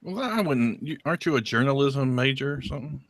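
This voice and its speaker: A man's voice: mid-range voice, lively intonation, fairly quick, dry recording, studio quality. A man co-hosting a podcast in casual chat, blunt and teasing, swearing freely. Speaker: podcast co-host.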